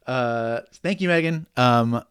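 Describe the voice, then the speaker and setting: A man's voice: mid-range voice, fairly bright tone, smooth, dry recording. A man co-hosting a casual book-club podcast, joking, swearing and reading listener messages aloud. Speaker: podcast co-host.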